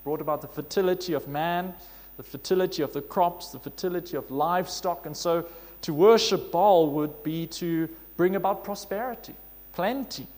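A man with a fairly high voice delivers a sermon, reading scripture aloud and then working through it. He speaks earnestly, with plenty of "uh" and restarted phrases. The sound carries a long reverb, as if from a large hall. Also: moderate pace, darkish tone. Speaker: preacher.

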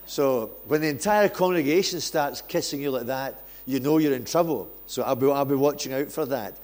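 A man's voice: medium pitch, moderate pace, darkish tone. Man, guest preacher, joking self-deprecating stories, church sermon. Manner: jokey, self-deprecating storyteller. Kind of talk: sermon with humorous anecdotes.

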